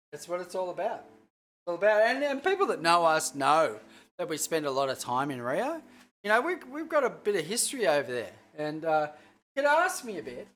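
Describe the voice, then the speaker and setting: Chef host, casual livestream cooking chat, rambling, a bit sweary, middle-pitched voice. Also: fairly bright tone. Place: home kitchen.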